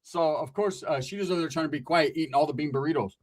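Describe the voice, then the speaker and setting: A comedian from the Merced area of California tells a rambling, profane comic story. His voice is a little high and his delivery rapid-fire.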